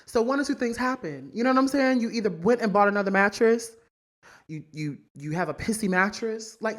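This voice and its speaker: A woman's voice: medium pitch, lively intonation, brisk. A woman hosting a solo celebrity gossip podcast, blunt, profane and brassy, hammering her points home by repeating them, seated on a couch indoors. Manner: repeats lines for emphasis. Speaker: podcast host.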